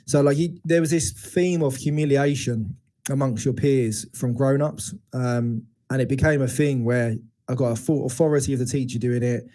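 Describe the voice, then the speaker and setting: Man in his forties, mid-pitched and warm, candid guest opening up about hard memories with halting restarts. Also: steady tone. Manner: open, searching, halting retelling of painful memories. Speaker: interview guest. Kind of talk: candid personal storytelling.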